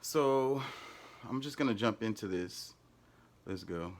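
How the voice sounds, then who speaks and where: A man's voice: fairly low pitch, takes it slowly. A man hosting a reaction to a political talk, adding short affirming remarks. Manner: brief affirming interjections. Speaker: host. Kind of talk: reaction commentary.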